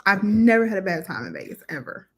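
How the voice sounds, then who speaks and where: A woman's voice: mid-range voice, huge pitch swings, fast, slightly rough. A woman in her forties co-hosting a casual live chat, candid and laid-back as she teases back at her husband. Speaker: co-host of a couple's channel.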